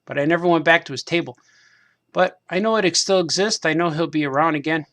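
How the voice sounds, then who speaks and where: Painting toy figures on his craft stream, this cartoonist talks fast in a slightly high, somewhat bright voice. He rambles loosely to himself, repeating phrases and chuckling at himself.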